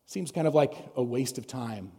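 Storytelling pastor in a reverberant church. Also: male voice, medium pitch, lively intonation, moderate pace, dark tone, slightly rough. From United States. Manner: storytelling, conversational, asks the congregation questions. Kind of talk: sermon. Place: church sanctuary. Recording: long reverb of a church hall.

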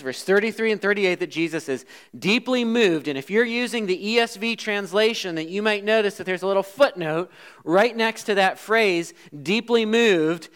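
Guy preaching a sermon, kinda high voice, goes loud then drops real quiet. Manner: dynamic preaching, swinging between loud emphasis and hushed asides. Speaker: pastor.

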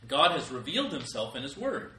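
A man's voice: medium pitch, very animated, a little fast, pushed and bright, slight background noise. A middle-aged man preaching a sermon as pastor, with emphatic rises in volume. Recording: echoey room, voice from a distance.

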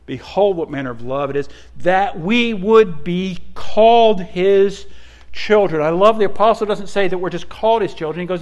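Man, middle-aged, pastor, sermon, slightly high voice, quiet asides and loud emphatic passages. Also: moderate pace. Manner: swings from hushed asides to loud emphatic preaching.

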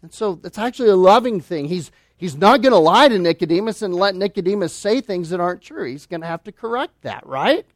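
High-voiced emphatic male preacher. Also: expressive, brisk, hardly any pauses, no echo, clean studio sound. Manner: emphatic, rhetorical questions, swings between loud and hushed. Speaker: pastor. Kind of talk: sermon.

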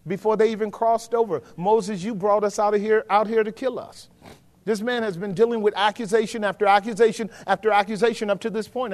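A man preaching a sermon as pastor, swinging from hushed asides to shouts and calling on the congregation. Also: sits high. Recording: long hall reverb.

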